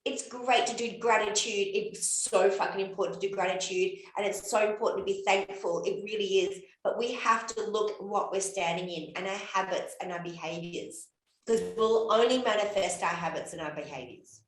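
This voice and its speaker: Animated woman in her fifties, echoey room. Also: medium pitch, normal speed. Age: 50s. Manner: animated, swearing, acts out child and mother voices. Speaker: podcast co-host and coach. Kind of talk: casual podcast chat.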